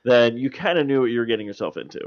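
A man's voice: medium pitch, expressive, rapid-fire. Man, podcast host, casual rambling chat, swears, mid-range voice, slightly dull audio.

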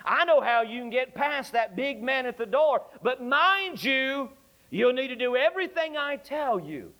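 A man preaching who speaks as a kind older evangelist, gentle and coaxing. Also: very high-pitched, lively intonation, measured pace, voice pushed up, full character voice, rough recording. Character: kindly older male preacher, gentle and assured.

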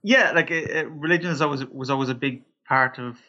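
A man's voice: fairly high pitch, brisk, sharp tone. A man from Ireland with an Irish accent, speaking hesitantly as a podcast panelist, with many ums and restarts. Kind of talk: casual discussion. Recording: dull lo-fi sound.

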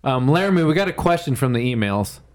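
A man's voice: medium pitch, sing-song, fast talker. Dry, sarcastic male podcast host. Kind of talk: casual chat.

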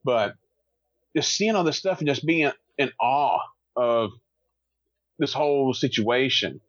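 A man's voice: mid-range voice, dry recording. Enthusiastic male podcast co-host, dull and dry sound. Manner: enthusiastic, laughs along. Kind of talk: casual podcast chat.

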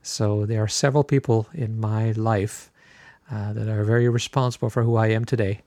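A man's voice: fairly low pitch, normal speed, dry recording. Chatty middle-aged man telling a story. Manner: relaxed, chatty, frequent filler words. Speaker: podcast host. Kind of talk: casual personal storytelling.

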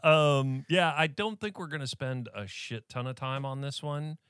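A man's voice: mid-range voice, normal speed, fairly bright tone, smooth, no room sound, studio quality. A man co-hosting a podcast, chatting loosely about a film with friends, laughing easily. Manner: laid-back, laughing, loose. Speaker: podcast co-host. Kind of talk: casual film discussion.

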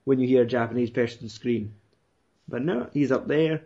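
A man's voice: mid-range voice, normal speed, mellow. A young man rambling, swearing and laughing as he retells a film in casual chat. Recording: dull lo-fi recording.

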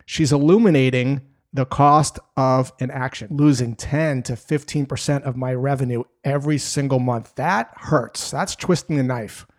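A man with a medium-pitched voice teaches sales techniques. His delivery is energetic and emphatic, and he tells stories to make each step clear. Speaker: sales trainer. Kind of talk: instructional talk to camera.

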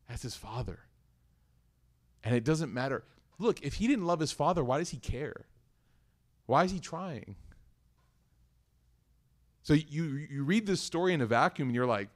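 Male religious lecturer, earnest and emotive storyteller, mid-pitched. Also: expressive, moderate pace, pauses often. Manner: earnest, emotional, acts out quotes, recites Arabic verses. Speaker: Islamic teacher.

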